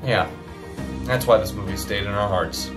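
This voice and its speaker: A man's voice: on the low side, moderate pace, over music. A man hosting a scripted comedy sketch with an earnest, mock-sincere delivery.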